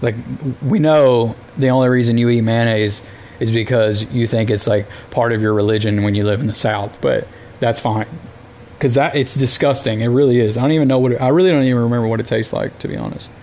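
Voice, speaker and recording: A man's voice: medium pitch, fairly quick, a little mellow, slight background noise. A man from the United States hosting a casual solo podcast, telling rambling, exasperated stories with plenty of filler words. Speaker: podcast host.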